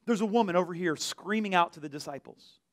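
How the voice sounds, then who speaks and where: A male pastor preaching an animated sermon, acting out voices from the story. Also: sits high, fast talker, no echo, clean studio sound.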